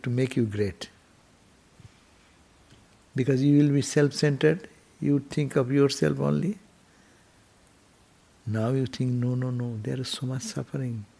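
A man, a monk giving a temple sermon, telling stories with sudden emotional rises and hushed drops. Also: mid-range voice, gravelly. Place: temple hall.

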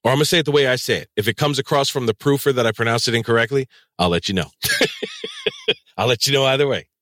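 Profane laughing man, lively pitch. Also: fast, dry recording, clean studio sound. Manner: profane, laughs often, animated. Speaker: podcast host and audiobook narrator. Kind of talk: crude casual chat.

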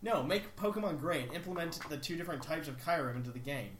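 A man's voice: fairly high pitch, fast, fairly bright tone. A young man hosting a casual podcast, reading listener emails aloud with wry asides. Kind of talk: casual chat. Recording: echoey room with faint hiss.

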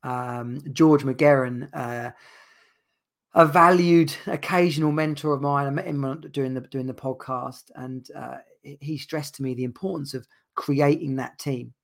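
Guy doing a chatty solo podcast, a bit gravelly, keeps restarting his sentences. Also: mid-range voice, steady tone, measured pace. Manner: rambling with frequent restarts and repeated words. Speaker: podcast host and dads' coach. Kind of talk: casual solo podcast talk.

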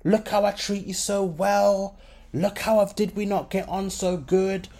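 A woman's voice: mid-range voice, fairly even intonation, unhurried, dark tone, pitched above the performer's own voice. A man voicing a tearful older grandmother who pleads and wails in denial. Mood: wailing denial. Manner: wailing, pleading protests.

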